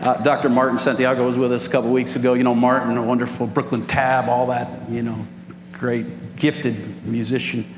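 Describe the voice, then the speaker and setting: A man, preaching an animated sermon as pastor and calling out to the congregation. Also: mid-range voice, normal speed. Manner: animated preaching with crowd call-outs. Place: large church hall. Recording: echoey hall with background noise.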